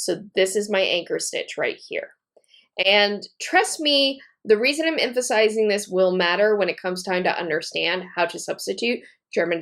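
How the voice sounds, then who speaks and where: A woman's voice: mid-range voice, creaky, a bit bright. A woman teaching a knitting technique step by step, talking while she works and repeating key points methodically. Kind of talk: step-by-step tutorial demonstration.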